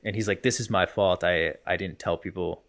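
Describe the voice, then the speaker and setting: رجل شاب يحكي قصة بأسلوب متشعب، صوت منخفض قليلاً. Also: male voice, sits low, fairly even intonation, fairly quick, a bit bright. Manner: rambling storyteller, many fillers like "whatever" and "blah, blah". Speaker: podcast co-host, hockey player. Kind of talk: casual podcast chat.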